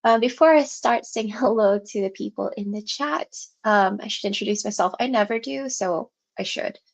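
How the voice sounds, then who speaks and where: A woman's voice: mid-range voice, moderate pace, vocal fry, dull audio. A congested, out-of-breath woman with a sore throat, hosting a writing livestream at home, chatting with viewers in a rambling way and laughing often. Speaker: livestream host for a writing session. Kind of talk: casual livestream chat with viewers.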